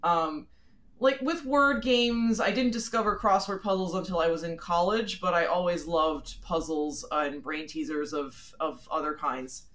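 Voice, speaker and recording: A woman's voice: lowish voice, measured pace, a bit bright. A woman in her forties from the Philadelphia area, a guest on a phone call, answering in a chatty, frank and self-deprecating way with many fillers. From Philadelphia area, USA. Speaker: interview guest. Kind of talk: conversational interview answers.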